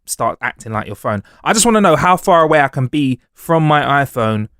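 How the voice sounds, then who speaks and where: A young man co-hosting a podcast in relaxed, chatty banter that often trails into restarts. His pitch is ordinary. The sound is close and dry. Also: brisk, no room sound. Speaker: podcast co-host. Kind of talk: casual chat.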